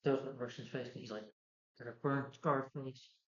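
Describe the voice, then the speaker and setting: Man, movie reviewer, loose rambling recap, mid-pitched voice, roomy dull lo-fi recording. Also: fairly even intonation, moderate pace. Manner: rambling, full of "you know" and "like". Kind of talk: casual plot recap.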